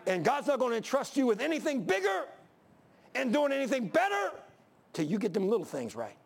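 Preaching in church, this older pastor has a high, gravelly voice and a folksy, emphatic way of hammering the same point repeatedly. He talks briskly, with pitch that swoops wildly up and down.

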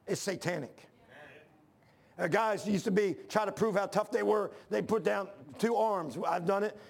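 A male preacher delivers a fervent sermon in a high, gravelly voice. He reads scripture aloud, then climbs toward near shouts as he gets worked up, with rough fry at the ends of his lines. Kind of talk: fiery sermon.

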